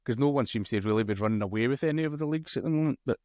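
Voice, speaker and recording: A man's voice: mid-range voice, very fast, no echo, clean studio sound. A man co-hosting a casual darts podcast, chatting loosely and reading out match results between chuckles. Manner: relaxed, chuckles often, reads out match results. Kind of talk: casual chat.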